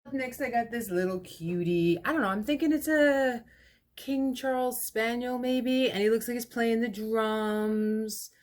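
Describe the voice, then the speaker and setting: A woman who owns a vintage shop, presenting items in a casual live clearance sale, fondly calling pieces cute little babies and closing each pitch with a price and lot number. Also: fairly even intonation, unhurried.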